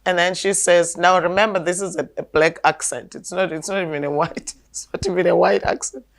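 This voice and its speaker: A woman's voice: lowish voice, steady tone, brisk. Emphatic woman. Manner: emphatic and insistent, with frequent word repeats. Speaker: alternative health practitioner. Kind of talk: conversational storytelling.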